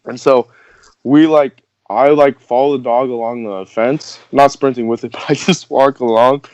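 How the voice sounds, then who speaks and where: A man's voice: medium pitch, fairly even intonation, moderate pace, a little mellow, a little hiss or hum. Rambling young man telling a story. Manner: rambling, filler-heavy, laughing through the story. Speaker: podcast host. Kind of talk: casual storytelling. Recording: dull, dry podcast audio.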